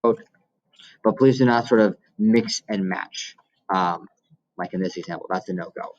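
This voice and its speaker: A man's voice: fairly low pitch, moderate pace, highs cut off. A male teacher explaining how to quote and cite in essays, walking through examples step by step. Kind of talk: recorded classroom lesson.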